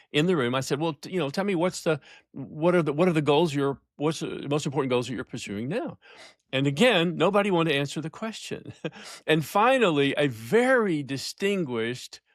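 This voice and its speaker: An older man, a leadership coach, telling stories in a podcast interview, emphatic and slowing down to stress points. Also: mid-range voice, no echo, studio quality. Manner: emphatic storyteller, slows for emphasis, laughs often.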